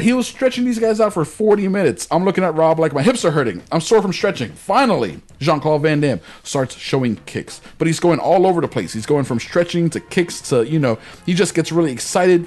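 Animated, swearing podcast host. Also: male voice, on the high side. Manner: animated, profane anecdote telling. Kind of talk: casual storytelling chat.

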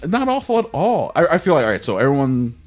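A man's voice: on the high side, fast. A man co-hosting a podcast, chatting casually and jokily, slipping into mock impressions. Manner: animated, jokey, slips into mock impressions. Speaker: podcast co-host. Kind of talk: casual chat.

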